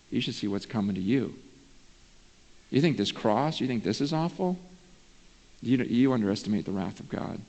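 A man's voice: medium pitch, darkish tone. Pastor, man, earnest conversational sermon delivery, long church-hall reverb. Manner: earnest, conversational preaching, often says "man". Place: church sanctuary.

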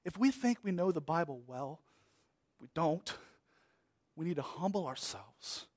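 Slow, emphatic male preacher. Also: a little high, expressive, no room sound. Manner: emphatic preaching, swinging from loud to hushed. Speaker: pastor. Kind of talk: sermon.

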